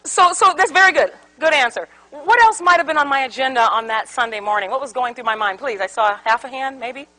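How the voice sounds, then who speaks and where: Lively high-voiced woman seminar speaker. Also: brisk, few pauses, rough recording. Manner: animated storyteller, acts out quotes, asks audience questions. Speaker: conflict resolution speaker. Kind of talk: interactive seminar talk. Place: seminar room with live audience.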